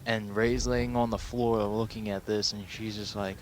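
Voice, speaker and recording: A man's voice: on the low side, level tone, a little slow, fairly bright tone, slight background noise. A sleep-deprived young man recapping a film in a rambling, profane way, full of fillers. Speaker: film reviewer.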